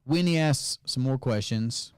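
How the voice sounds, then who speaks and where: Casual southern guy from north carolina, financial coach doing a live q&a, talks easy and keeps saying okay, mid pitch. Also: unhurried, darkish tone. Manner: chatty, reads viewer comments aloud, tags lines with "okay?". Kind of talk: casual livestream Q&A. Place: office. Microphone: clip-on mic added partway.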